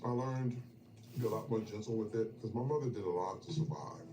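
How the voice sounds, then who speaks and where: Man, casual storytelling over food, emotional swings, distant mic, roomy noisy space. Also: a little fast. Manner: emotional, storytelling, swings from low murmurs to loud bursts. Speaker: guest. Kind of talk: casual chat over a meal. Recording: echoey, distant, noisy room.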